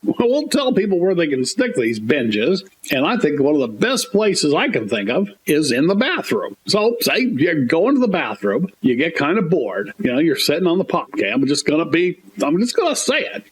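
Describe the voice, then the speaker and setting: A man co-hosting a comedy podcast, talking in animated, rambling, mock-indignant rants. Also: on the high side, breathy edge.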